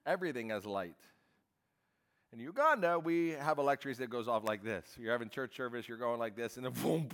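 A man preaching a sermon to a church congregation, emphatic and animated, asking the listeners questions and waiting for their answers. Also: mid-range voice, brisk. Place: church service.

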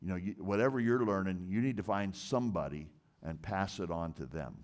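A man's voice: deep voice, brisk, darkish tone. A man preaching a sermon in an earnest, emphatic way, often repeating and restarting words. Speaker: pastor.

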